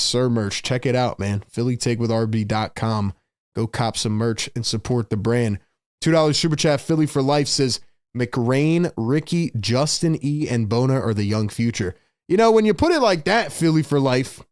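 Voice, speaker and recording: A man hosting a live fan stream, calling the game play by play and reacting excitedly while talking to viewers in the chat. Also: mid-range voice, no room sound, studio quality. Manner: excitable, shouts big plays, chats with viewers. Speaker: livestream host.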